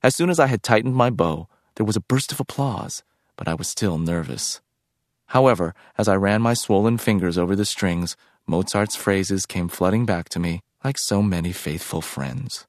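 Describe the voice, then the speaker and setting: A man reading a novel aloud as narrator in a measured, reflective way. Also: low voice, no room sound, clean studio sound. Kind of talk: scripted audiobook narration.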